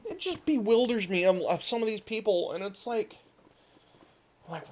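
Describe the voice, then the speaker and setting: Animated, rambling gaming host with a swinging pitch. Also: normal speed, long pauses, a little hiss or hum. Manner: rambling, profane, animated, frequent laughter. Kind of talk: casual rant over gameplay.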